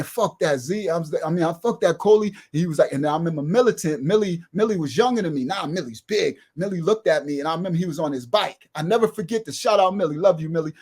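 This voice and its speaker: A middle-aged man telling a street story in an animated way, acting out other people's voices and swinging from loud outbursts to low murmurs. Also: husky. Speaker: guest telling his life story.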